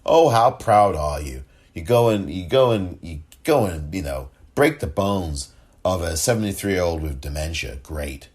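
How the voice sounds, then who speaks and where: A man giving impassioned political commentary, angry and sarcastic, often rising in pitch as he rants. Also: animated, measured pace, a little mellow.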